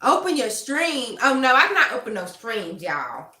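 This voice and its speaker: A young adult woman hosting a casual tarot livestream, animated and laughing often as she talks straight to her chat. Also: fairly high pitch, moderate pace, roomy sound. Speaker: tarot reader and livestream host.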